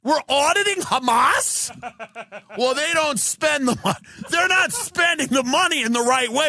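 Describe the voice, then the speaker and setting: A man's voice: very high voice, expressive, moderate pace, creaky, pushed and bright. A man hosting a podcast, ranting in a comedic, incredulous way and switching into mocking voices. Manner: incredulous, ranting, mocks others in put-on voices. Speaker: podcast host. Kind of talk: comedic rant.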